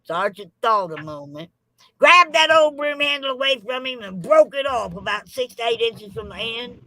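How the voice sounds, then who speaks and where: A woman's voice: on the high side, normal speed, dry recording, low-quality recording. A woman telling comic tall tales in a folksy, drawling storytelling manner. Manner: drawling, rural, lively tall-tale delivery.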